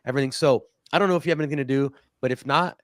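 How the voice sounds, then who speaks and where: A man of Cuban family hosting a casual political talk stream, blunt and quick, with frequent restarts. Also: medium pitch, no echo, studio quality. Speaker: host.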